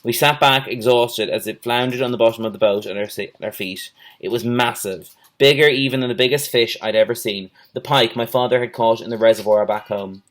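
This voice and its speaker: A male teacher reading a children's storybook aloud in a steady, measured way. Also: mid-range voice.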